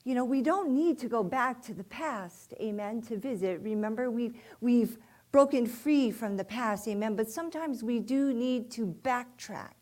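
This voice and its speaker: A woman's voice: on the high side, moderate pace, a little mellow. A woman preaching a sermon in church, often calling "amen?" to the congregation and rising to fervent emphasis.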